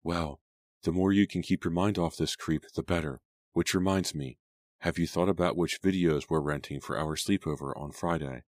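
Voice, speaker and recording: A man voicing a worried teenage girl who talks softly and scolds her best friend in an audiobook. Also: normal speed, no echo, studio quality, close to an everyday voice. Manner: soft and low, scolding.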